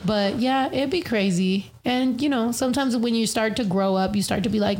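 A woman's voice: a little high, moderate pace, hardly any pauses, darkish tone, slight background noise. A woman in her thirties hosting a casual podcast, rambling and swearing freely, a little tipsy. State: tipsy from beer. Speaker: podcast host.

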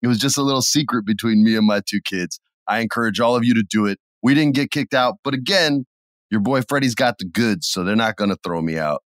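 A middle-aged man co-hosting a podcast, chatting casually and acting out his stories with sudden loud bursts. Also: fairly low pitch, brisk, no room sound, studio quality. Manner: animated storyteller, acts out scenes with sudden loud bursts. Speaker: podcast co-host. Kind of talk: casual chat.

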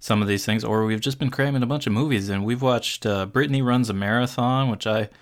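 A man's voice: medium pitch, fairly quick. Jokey male podcast host. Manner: jokey, teasing. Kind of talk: casual podcast chat.

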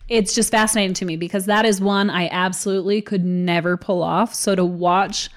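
A woman's voice: mid-range voice, fairly even intonation, a little fast. A woman in her thirties chats casually with a friend. She laughs readily and plays down her own skills with easy self-mockery. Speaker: podcast co-host. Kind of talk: casual chat.

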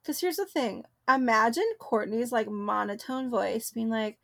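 A young woman co-hosting a podcast in casual chat, chatty and giggly, riffing quickly. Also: on the high side, expressive, gravelly, fairly bright tone. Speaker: podcast co-host.

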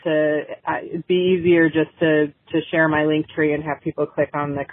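A woman's voice: low-pitched, level tone, normal speed, dry recording. A woman in her forties, a coach guest on a podcast, chatting casually and telling a story with lots of fillers. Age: 40s. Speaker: guest, women's health coach. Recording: tinny, phone-like remote audio.

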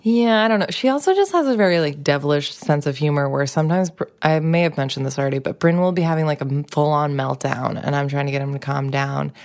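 A woman's voice: sits low, fast, hardly any pauses. A woman co-hosting a parenting podcast, chatting casually about her toddler, laughing often. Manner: relaxed, laughs often, uses filler words. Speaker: podcast co-host, mother.

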